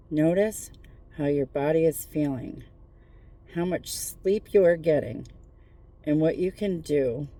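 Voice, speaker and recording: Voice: mid-range voice, vocal fry, mellow. A tarot reader giving a casual spiritual pep talk from a parked car at night, mixing earnest encouragement with swearing and jokes. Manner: profane, joking, earnest encouragement.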